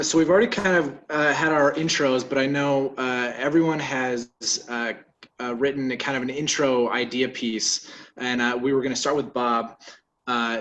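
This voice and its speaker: A man's voice: medium pitch, fairly bright tone, a little hiss or hum, rough recording. A man moderating a panel casually, with a hesitant manner full of fillers.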